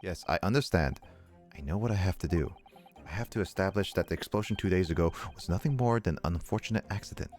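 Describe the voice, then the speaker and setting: A man's voice: sits low, fast talker, a little mellow, faint music behind, lightly acted. A man voicing an earnest, determined young male defense lawyer in a video game read-through. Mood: resolved.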